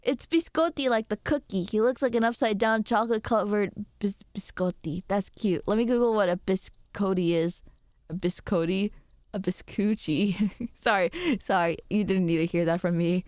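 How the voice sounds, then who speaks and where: A woman's voice: medium pitch, a little fast, a little mellow, clean tone, no echo, studio quality. A young woman streamer chatting casually with her viewers, rambling, giggly and self-deprecating.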